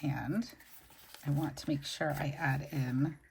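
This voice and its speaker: Low, gravelly-voiced woman chatting while planning. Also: steady tone, slow, slight background noise. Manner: gushing, chatty, talks while sticking stickers. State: recovering from a migraine. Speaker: planner channel host. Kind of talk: casual plan-with-me chat.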